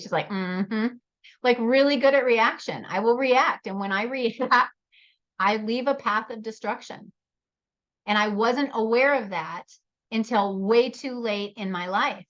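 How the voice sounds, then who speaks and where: A woman's voice: mid-range voice, a bit bright, highs cut off. A woman hosting a leadership workshop, talking animatedly, laughing often and speaking to attendees by name. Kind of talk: live workshop talk.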